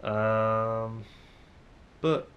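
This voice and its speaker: Hesitant young Mancunian man, low voice. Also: fairly even intonation, extremely slow, dull audio, slight background noise. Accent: Manchester English. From England. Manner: hesitant, thinking aloud with many ums and restarts. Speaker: vlogger. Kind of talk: casual musing monologue to camera.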